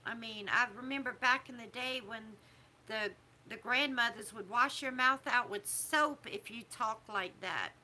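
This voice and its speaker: Slow, bright-voiced woman. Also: on the high side. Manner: disapproving, preachy, drawn-out emphatic phrasing. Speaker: vlogger. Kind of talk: casual opinion talk to camera.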